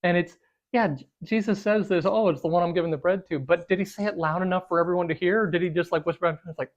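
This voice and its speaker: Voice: medium pitch, quick pace. A co-host of a casual group Bible study who talks animatedly, acts out the quotes, and fills speech with "like.". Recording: slightly dull lo-fi sound.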